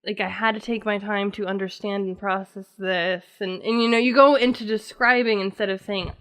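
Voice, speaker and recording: A woman hosting a casual podcast chat, chatty and quick to agree. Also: mid-range voice, fairly even intonation, a bit bright, clear, resonant tone. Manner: chatty, lots of agreeing "right" and laughter.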